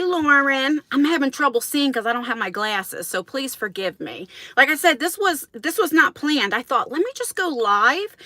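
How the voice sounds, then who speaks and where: Woman livestreamer, high voice, casual rambling chat with viewers, dry close sound. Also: sharp tone, no room sound. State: out of breath. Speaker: vlogger hosting a livestream. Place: outdoors in wind, then inside a parked car. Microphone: phone on a selfie stick.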